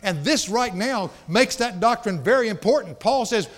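A man preaches a sermon with a high, ringing voice. He is emphatic and folksy, slipping in playful asides, and his words trail off into a long hall reverb. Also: animated, normal speed, few pauses, fairly bright tone. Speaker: pastor.

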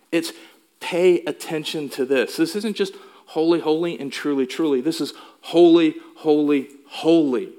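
A man's voice: fairly high pitch, a little mellow. A male pastor delivering a sermon in an emphatic way, asking the congregation questions. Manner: emphatic, asks the room questions.

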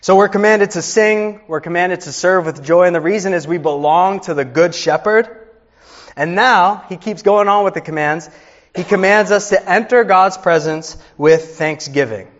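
A pastor in his thirties preaches with earnest warmth and tells stories to his congregation. His voice sits a little high for a man. The recording is dull and slightly lo-fi. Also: normal speed. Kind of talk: sermon.

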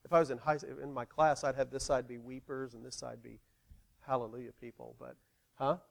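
A male pastor preaching in an animated, conversational way, playfully involving the congregation. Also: mid-range voice, brisk, vocal fry. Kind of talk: sermon.

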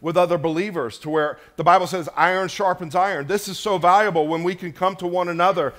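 A pastor preaching a sermon in church, rising to loud emphatic peaks and dropping to hushed, low lines. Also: male voice, steady tone, fast.

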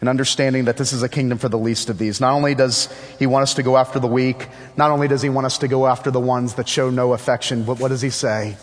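A man's voice: mid-range voice, flat delivery, fast, hardly any pauses, big-room sound. A man preaching a sermon with emphatic repetition and rhetorical questions.

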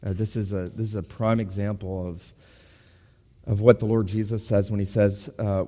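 A man's voice: lowish voice, level tone, normal speed, warm tone. Earnest male preacher in a reverberant hall. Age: middle-aged or older. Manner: earnest expository preaching, rises to emphatic urgency. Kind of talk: sermon.

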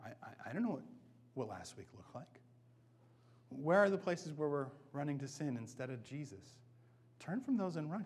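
A man preaching a sermon as a pastor, earnest and conversational, often dropping to soft asides before closing in prayer. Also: fairly high pitch.

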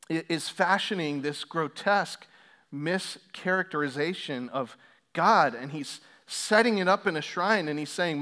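A man's voice: fairly high pitch, a bit bright. A man preaching a sermon, repeating key lines and growing more intense as he makes his points. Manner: builds from measured to intense, repeats key phrases for emphasis. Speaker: pastor.

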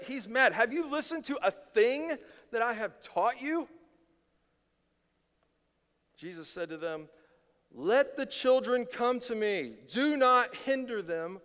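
A man preaching a verse-by-verse sermon as pastor, conversational and animated, full of rhetorical questions, speaking in a church sanctuary. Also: a little high, in a large hall. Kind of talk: expository sermon.

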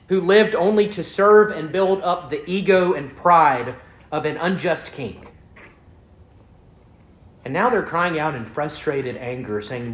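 A man preaching a sermon as pastor, earnest, building emphasis and then dropping soft. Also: a little high, roomy sound.

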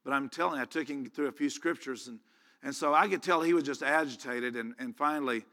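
A man's voice: medium pitch, brisk, sharp tone, long reverb tail. A man preaching, retelling a personal story in a folksy, rambling way full of restarts. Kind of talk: storytelling sermon.

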